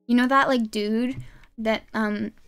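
A woman's voice: a little high, steady tone, slow pace, a bit bright, clean tone, faint music behind. A woman streamer chatting and giggling through casual gameplay commentary, talking to her viewers from a desk microphone at home. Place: home gaming setup.

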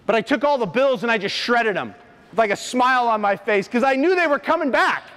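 A former coach and motivational speaker tells an audience an emotional personal story, earnest and halting. His very high voice is animated and fairly bright. The recording has long hall reverb.

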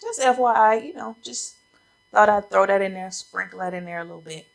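Here a woman chats about coats for her try-on video, friendly and out of breath, greeting viewers as y'all. Mid-range and gravelly, her voice runs a little fast. The fashion vlogger's audio is poor, from a camera mic aimed at a ring light.

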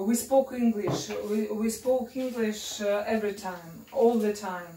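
Speaking broken English with a Russian accent, a young family vlogger talks casually while cooking in her home kitchen, full of fillers, restarts, and hesitation. Her voice is mid-range with a darkish tone, recorded from a distant mic in an echoey room with audible noise.

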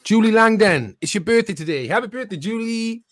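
Upbeat man reading shout-outs, dry sound. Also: sits high, lively intonation, brisk, no room sound. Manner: upbeat, announcing. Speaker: podcast co-host.

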